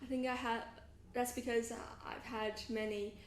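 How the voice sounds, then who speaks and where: Give me a high-voiced young woman, hesitant, echoey room. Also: little pitch movement, moderate pace, slight background noise. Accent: mixed British and Australian tinge. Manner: hesitant, many fillers and restarts. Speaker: guest. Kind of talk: casual podcast interview.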